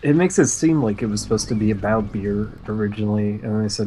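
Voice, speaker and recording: A man co-hosting a casual podcast, recapping cartoon plots in a sarcastic, deadpan way. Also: fairly low pitch, fast, slight background noise, poor audio. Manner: sarcastic, deadpan recounting of plot. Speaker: podcast co-host.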